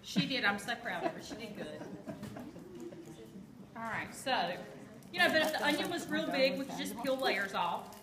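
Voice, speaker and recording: Woman, kitchen tool demo, joking with the crowd, slightly high voice, echoey room. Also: lively intonation, moderate pace, long pauses. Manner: chatty, jokey, quizzes the audience. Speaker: kitchen product demonstrator. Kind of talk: live cooking demonstration to an audience. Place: room with a live audience. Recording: echoey room with background noise.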